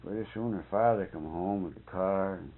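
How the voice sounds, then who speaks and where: A man in casual conversation, telling stories in a folksy rural dialect with cusses and lively retelling. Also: deep voice, moderate pace. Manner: folksy dialect, swears and laughs, animated retelling. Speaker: storyteller. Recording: muffled phone-like old tape.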